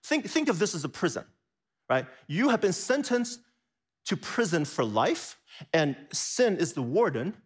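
With a breathy edge and a somewhat slow delivery, this preacher questions his congregation and repeats key phrases. His sermon alternates between hushed low passages and high bursts of excitement.

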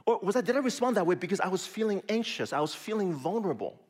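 A middle-aged man preaching a sermon in a conversational way, often dropping to a soft, near-whispered voice for emphasis. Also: high-pitched, fast talker. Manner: lively, conversational preaching with sudden soft drops. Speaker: pastor.

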